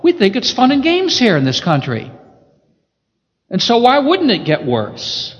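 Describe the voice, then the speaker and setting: High-voiced preacher, echoey hall. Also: male voice, wildly swooping pitch, measured pace. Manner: emphatic, swings between loud and hushed. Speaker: pastor. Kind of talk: sermon with scripture reading. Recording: echoey hall, dull lo-fi sound.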